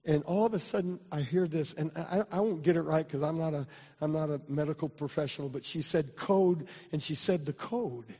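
An older man, a pastor, telling a personal story in a sermon, with many restarts, building to loud, fervent preaching. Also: a little high, a little fast, breathy edge. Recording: long hall reverb.

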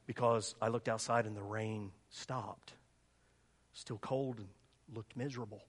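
A middle-aged man preaching a sermon, telling a story with lively, animated delivery and jumping up high when he acts out voices. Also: unhurried. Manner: animated storytelling, acting out voices in a much higher pitch.

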